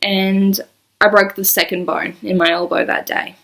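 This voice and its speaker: Creaky-voiced New woman vlogging. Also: mid-range voice, little pitch movement, normal speed, a bit bright. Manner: rambling, apologetic, emotional, many fillers. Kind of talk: personal confessional vlog.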